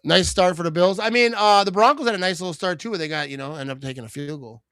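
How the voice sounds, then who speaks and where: A man from Wisconsin talks through a live game stream in a high, bright voice. He is loose and chatty, laughs often and tosses in "you know what I mean" again and again. The sound is dry and close, with no room echo. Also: fast talker, smooth. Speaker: host of a live watch party stream. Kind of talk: casual live-stream commentary.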